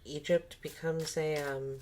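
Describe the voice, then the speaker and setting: A woman's voice: deep voice, fairly even intonation, measured pace, a little mellow, slight background noise. A woman giving a casual tarot reading, thinking aloud and musing with many fillers and restarts. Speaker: tarot reader.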